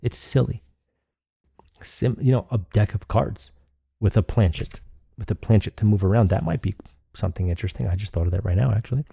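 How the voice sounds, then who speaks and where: Gravelly low-voiced man musing aloud. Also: a little fast, dark tone, dry recording, clean studio sound. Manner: rambling, thinking aloud with restarts. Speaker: podcast host. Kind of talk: solo podcast musing.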